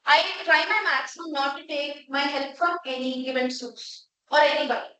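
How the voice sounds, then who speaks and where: Very high bright-voiced young woman speaking. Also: moderate pace. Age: young adult. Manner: earnest, addresses the audience directly. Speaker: club speaker. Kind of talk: prepared speech. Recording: echoey room, far off, faint noise.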